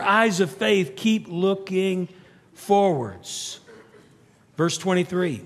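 A middle-aged man preaching a sermon, telling stories with animated energy that climbs to near-shouts. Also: sits high, slow. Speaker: pastor. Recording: long reverb of a large hall.

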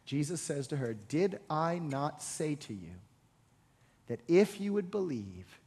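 Male pastor, high pitch, storytelling sermon that climbs to shouting, big reverberant room. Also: breathy edge. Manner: storytelling, voicing the Bible figures, building to shouts. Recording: long hall reverb.

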